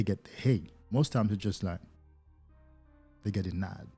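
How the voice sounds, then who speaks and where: On a livestream, a life coach who isn't a native English speaker talks to his viewers with lots of energy, playing out small scenes. His voice sits low with a breathy edge and a normal pace, and faint music plays in the background.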